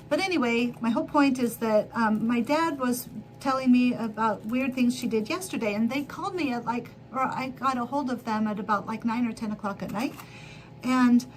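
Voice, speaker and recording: A middle-aged woman with a high voice talks casually on her sewing livestream. She rambles through her story, corrects herself midway and laughs often. A soft low rumble hums faintly behind her. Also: poor audio. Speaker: livestream host. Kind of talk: casual chat while sewing.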